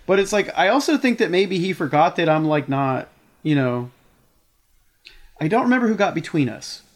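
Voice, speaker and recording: A man's voice: fairly high pitch, lively intonation, normal speed. A man in his thirties telling a heated story in casual chat, swearing often.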